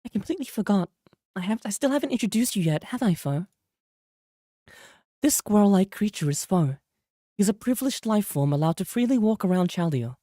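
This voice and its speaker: A man's voice: high-pitched, lively intonation, a little fast, warm tone, no room sound, clean studio sound, voice pushed up. A man putting on a shy, earnest young woman's voice with a put-on British accent while reading game dialogue aloud. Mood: earnest, polite. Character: shy polite young woman, a kind junior.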